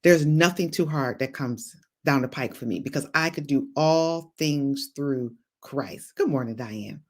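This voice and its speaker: A woman's voice: very deep voice, moderate pace. A middle-aged woman hosting a motivational faith talk, exhorting viewers and greeting them by name, with playful asides and frequent laughter. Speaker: host and psychologist.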